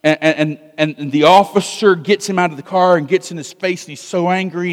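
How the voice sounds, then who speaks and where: A man playing a pastor giving an expository sermon, slightly high voice, long church reverb. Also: fairly even intonation, brisk, hardly any pauses. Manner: expository preaching, shifts from loud emphasis to hushed asides.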